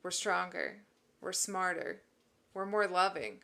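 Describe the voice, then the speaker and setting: A woman's voice: lowish voice, sing-song, slow pace, creaky. A woman hosting a live stream, answering chat and encouraging viewers about mental health, emotional and teary. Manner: warm, encouraging, reads and answers chat messages. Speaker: livestream host.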